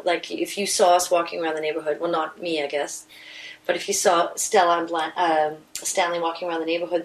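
A woman's voice: lowish voice, poor audio. Woman, stage actor, casual interview, thoughtful, restarts sentences, indoors in a house. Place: inside a house.

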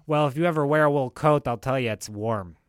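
A man's voice: mid-range voice, a little fast, smooth, no echo, clean studio sound, close to an everyday voice. A man voicing a touchy, evasive vlogger whose put-on accent keeps wavering. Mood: deadpan. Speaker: comedy sketch character.

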